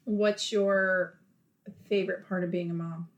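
A woman's voice: lowish voice, steady tone, a little slow, lo-fi sound, a little hiss or hum. Woman in her thirties, podcast host, teasing, playful questions, casual chat. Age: 30s.

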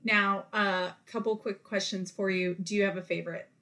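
A woman's voice: medium pitch, fairly even intonation, normal speed, pushed and bright. A woman in her thirties hosting a casual podcast, asking questions with a teasing, playful touch. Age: 30s. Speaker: podcast host. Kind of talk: casual interview chat.

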